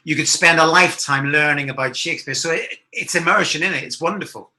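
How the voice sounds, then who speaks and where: A woman actor co-presenting a workshop, reading verse lines slowly and with weight. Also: deep voice, sharp tone. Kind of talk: reading verse and chat comments.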